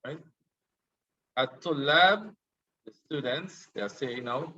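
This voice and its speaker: A man's voice: mid-range voice, measured pace, pauses often, bright, forceful tone, slightly rough, dull audio. A man teaching an Arabic lesson, patiently translating and explaining a dialogue word by word.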